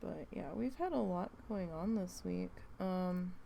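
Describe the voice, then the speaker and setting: A young woman with a New Jersey accent, chatting casually and thinking out loud while she works on a craft project. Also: on the low side, expressive, measured pace, vocal fry, slight background noise. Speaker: craft vlogger.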